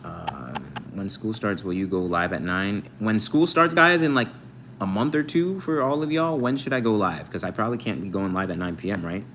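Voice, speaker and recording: A man's voice: lowish voice, moderate pace, a bit bright, slight background noise, rough recording. A young man casually chatting with viewers on a live stream, reading their comments aloud and joking with them. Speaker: livestreamer.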